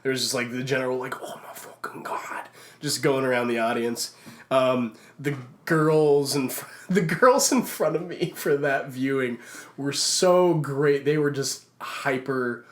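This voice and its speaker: Excitable stammering man on a podcast. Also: medium pitch, measured pace. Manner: excitable, rambling, stammering restarts. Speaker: podcast co-host. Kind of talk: casual podcast chat.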